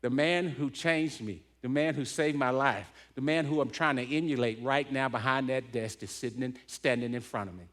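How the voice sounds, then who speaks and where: A man's voice: medium pitch, normal speed, hardly any pauses, fairly bright tone. A middle-aged man giving a heartfelt storytelling talk as a keynote speaker, punctuating points with "right?". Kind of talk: emotional storytelling talk to a men's gathering.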